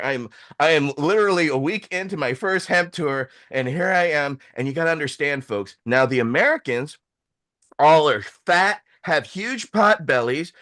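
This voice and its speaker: A man hosting a show, telling a long story in a casual, animated way, acting out the voices of people he quotes. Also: on the high side, moderate pace. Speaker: host.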